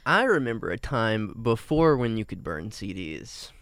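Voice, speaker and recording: A man's voice: fairly low pitch, big pitch swings, measured pace, vocal fry, a bit bright, clear, resonant tone, no room sound. A man hosting a casual group chat, rambling and playful, swearing freely.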